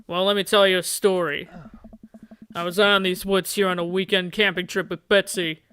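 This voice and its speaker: A man voicing a gruff, laconic middle-aged man with a secretive, deadpan manner. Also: sits high, normal speed, slight background noise.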